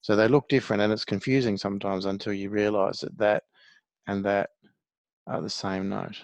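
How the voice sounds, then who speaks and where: A man's voice: lowish voice, little pitch movement, normal speed, no echo. A man teaching a one-to-one music lesson, patiently explaining things step by step.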